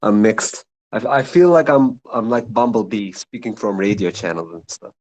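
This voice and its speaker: A man chatting casually in a group voice chat, laid-back and quick to laugh. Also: on the low side, lively intonation, darkish tone, rough recording. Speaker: voice chat participant. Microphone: online voice chat mic.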